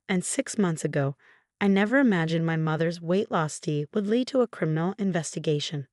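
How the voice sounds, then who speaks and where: A woman telling a first-person story in measured, scripted narration. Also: lowish voice, dry recording, clean studio sound.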